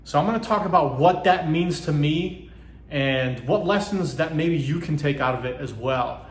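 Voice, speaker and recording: A man with a slightly high voice talks loosely to his viewers, with plenty of "uh" and "you know" as he circles back on his points. He acts out little quoted reactions as he explains. The room around him is echoey. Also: moderate pace. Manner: rambling, many fillers, acts out quoted reactions. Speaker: channel host. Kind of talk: casual motivational talk to camera.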